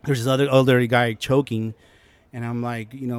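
A young man, a guest in a casual interview, telling a personal story with lively acted-out quotes and frequent restarts. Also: mid-range voice, brisk, clear, resonant tone, no room sound. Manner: animated, acts out quotes, many restarts.

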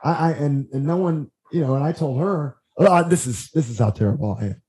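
A man guesting on a podcast, telling stories in a lively, rambling way and acting out what others said. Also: a little high, brisk, low-quality recording. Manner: animated, acts out quotes, frequent restarts. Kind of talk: casual storytelling chat.

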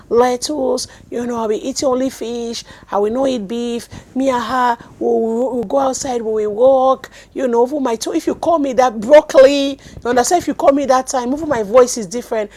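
Seated at a desk with a mic, this Nigerian woman, an apostle and teacher, preaches through lively stories that rise to loud bursts and fall to near hushes. Her pitch sits on the high side.

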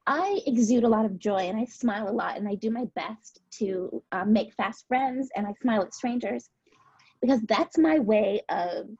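A woman's voice: on the high side, lively intonation, normal speed, a little mellow, slightly rough, dry recording, lo-fi sound. A woman guest speaking candidly and reflectively about painful memories in a personal conversation, tearful at times. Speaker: podcast guest.

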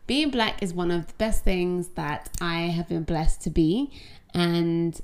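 Chatty English woman, low voice. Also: slow pace. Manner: chatty, candid, rambling storytelling. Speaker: podcast host. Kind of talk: casual solo podcast monologue.

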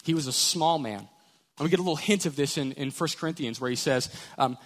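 An animated male pastor delivers a sermon with a slightly higher voice. His words ring out through the long reverb of a church sanctuary. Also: a little fast. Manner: animated, storytelling.

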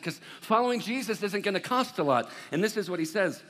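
A male pastor preaching a conversational sermon that swings from hushed, low moments to loud, emphatic ones. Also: expressive, quick pace, hardly any pauses, in a large hall.

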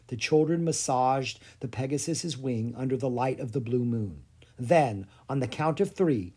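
A narrator reading a children's fantasy chapter book aloud with an expressive delivery. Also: medium pitch, slightly rough. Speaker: audiobook narrator. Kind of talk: storybook narration.

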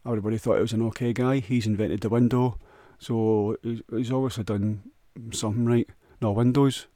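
A man's voice: lowish voice, steady tone, a little fast, warm tone, dry recording, studio quality. A man with a Scottish accent rambling crudely through a jokey solo monologue, often restarting and stumbling over words.

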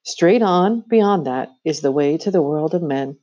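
A woman's voice: sits low, expressive, a little slow, warm tone, dull audio. A woman voicing a cold, scheming queen who coaxes a boy with sweet, commanding persuasion, in a storybook reading. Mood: coaxing.

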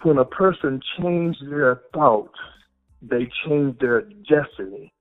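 A man's voice: mid-range voice, animated, slow. A male podcast host with a mid-range voice tells a childhood story reflectively. He often affirms his guest as they talk. The sound is narrow and phone-like, with faint music underneath. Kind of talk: conversational interview.

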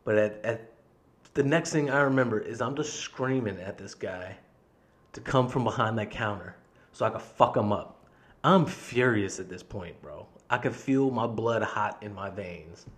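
A man's voice: fairly low pitch, normal speed. A man hosting his own podcast, telling a story in a casual, heated monologue full of swearing. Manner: reenacts his own yelling in the quotes. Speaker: podcast host.

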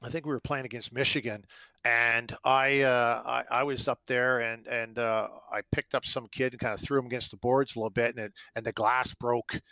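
A man's voice: medium pitch, level tone, moderate pace, bright, forceful tone, dry recording, low-quality recording. A middle-aged man from Canada, a former hockey player, telling long rambling stories in an interview with lots of fillers. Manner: rambling anecdotes full of fillers, acting out quotes. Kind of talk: storytelling in an interview.

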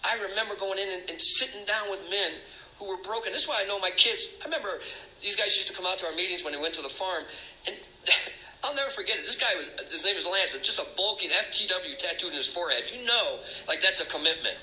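A man's voice: high voice, fast, sharp tone, echoey room, low-quality recording. A middle-aged man speaking as a recovery speaker, emotional and confessional, rambling with restarts. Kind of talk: personal testimony talk.

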